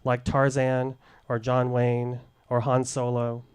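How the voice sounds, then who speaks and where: A middle-aged man telling a candid personal story at a live showcase, deliberate and wry, into a stage microphone. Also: medium pitch, monotone, a little mellow, clean tone. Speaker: storyteller, former case manager.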